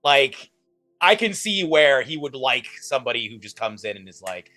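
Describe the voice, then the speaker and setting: Animated man in casual chat. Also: medium pitch, moderate pace. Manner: animated, enthusiastic reactions.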